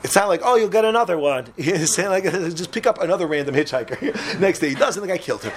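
A man teaching a class to a room of listeners, telling a lively story, acting out voices and joking with the audience. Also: high voice, fast talker, slight background noise. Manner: animated, acts out voices, jokes with the room.

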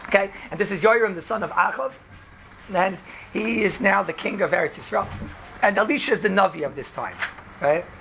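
Bright gravelly man teaching a class. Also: high voice, brisk, a little hiss or hum. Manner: animated storyteller, acts out quoted lines; peppers speech with "right?" and "you know". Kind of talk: casual classroom Torah lesson.

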